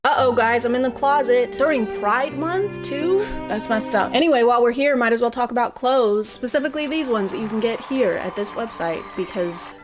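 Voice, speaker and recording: A woman's voice: fairly high pitch, brisk, few pauses, over music. A woman hosting a comedic reaction video, full of sarcastic, joking asides.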